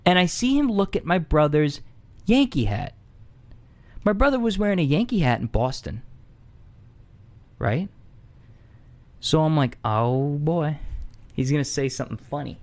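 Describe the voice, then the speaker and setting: A man casually telling a comedic anecdote, conversational with many fillers and asides, getting louder and higher as the story heats up. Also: measured pace, long pauses. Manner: animated, rising excitedly when impersonating locals.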